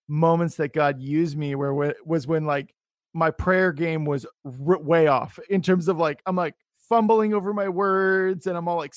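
A man hosting a faith interview show, talking in a relaxed, rambling and self-deprecating way. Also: high-pitched, no echo, studio quality. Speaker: podcast host. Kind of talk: casual interview chat.

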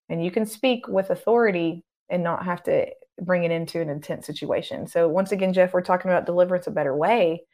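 A middle-aged woman speaks in a calm, earnest teaching tone as a guest in an interview. Her voice sits a little low for a woman. She explains things patiently and now and then slips into the words of a prayer. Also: a little fast, hardly any pauses. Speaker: guest minister on deliverance.

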